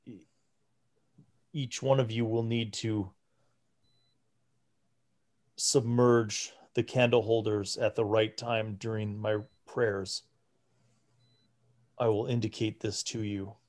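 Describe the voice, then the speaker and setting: A man's voice: lowish voice, level tone, slow, long pauses. A man voicing a frail old priest. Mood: instructive. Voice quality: soft and quiet. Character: frail atrophied old male priest, pleading.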